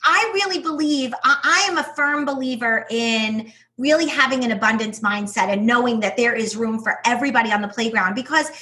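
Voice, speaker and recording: A woman with a New York accent speaks as an interview guest. Her voice sits high and sounds bright. She talks with enthusiasm and emphasis. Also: fairly quick, hardly any pauses. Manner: enthusiastic, emphatic, laughs often. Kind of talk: casual interview talk.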